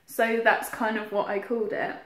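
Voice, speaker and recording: A young woman with a fairly high voice rambles through a story to camera, giggling and filling gaps with ums and likes. Her voice bounces around a roomy, echoey space. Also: flat delivery, normal speed, a bit bright. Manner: chatty, giggly, rambling with many fillers. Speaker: vlogger. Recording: roomy echo.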